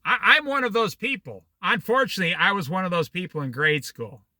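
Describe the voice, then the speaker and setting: Brisk and animated, a man in his sixties teaches a Bible study in a high, swooping, very bright and cutting voice. He breaks off into opinionated, digressive storytelling, and the dry recording carries no room sound.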